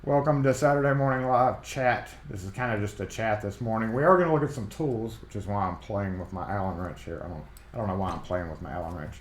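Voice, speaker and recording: A man's voice: fairly low pitch, fast talker, a little hiss or hum. A man from Mississippi with a Southern accent hosts a casual live-stream chat, rambling and reading viewer comments aloud. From Mississippi, USA. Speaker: livestream host. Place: home workshop. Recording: roomy echo.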